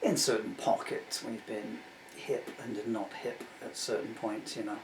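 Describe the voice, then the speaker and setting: This English-born singer-songwriter of Irish descent, now in his sixties, talks casually between numbers in a meandering, self-deprecating style full of digressions. He speaks on the low side with fairly even intonation and a slightly slow pace, picked up by a far-off mic in a spacious, noisy room where a guitar is heard.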